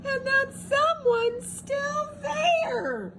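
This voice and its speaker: Woman squeaking as a tiny crying bear cub. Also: takes it slowly. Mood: upset, squeaky. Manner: high squeaky wail. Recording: steady background hiss.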